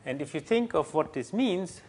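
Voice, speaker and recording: Man, university math lecturer, halting delivery, lots of fillers, faint background noise. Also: a little high, expressive. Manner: halting, many fillers and restarts while writing.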